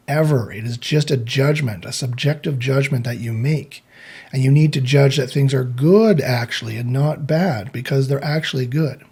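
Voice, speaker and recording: A man explains meditation ideas in an unscripted, wandering way, restarting phrases and voicing imagined thoughts. His voice is warm and relaxed with a slightly husky grain. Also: medium pitch. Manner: rambling, restarts, acts out inner self-talk. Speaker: meditation teacher.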